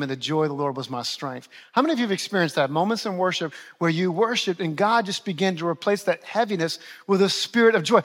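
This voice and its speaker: A man's voice: high-pitched, fairly bright tone. A man in his forties, a pastor preaching a sermon, repeating key phrases and asking the congregation questions.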